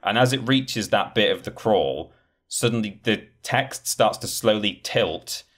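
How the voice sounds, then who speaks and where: A man co-hosting a casual podcast, retelling things in a rambling, animated way and acting out quotes. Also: lowish voice, measured pace. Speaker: podcast co-host. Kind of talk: casual chat.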